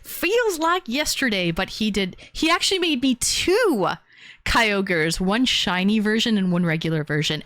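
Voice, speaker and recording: A woman's voice: medium pitch, fairly bright tone, no echo. A woman hosting a livestream call-in, talking in a bubbly, chatty way with lots of fillers. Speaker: streamer host. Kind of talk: casual livestream chat.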